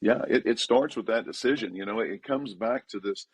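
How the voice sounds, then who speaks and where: With a breathy edge and a brisk pace, a pastor converses casually on a podcast. He repeats ideas with emphasis, and his voice jumps higher on the points he stresses.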